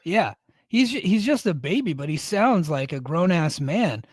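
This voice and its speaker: A man co-hosts a podcast, speaking in a higher register and giving blunt opinions with casual swearing. The recording is dry and close, with no room sound. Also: sing-song, moderate pace, no echo. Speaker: podcast co-host. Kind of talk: casual chat.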